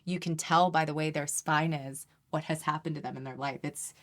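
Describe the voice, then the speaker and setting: A woman's voice: sits low, fairly even intonation, normal speed. A woman energy healer as a podcast guest, explaining in an earnest, teaching way with frequent restarts. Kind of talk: podcast interview.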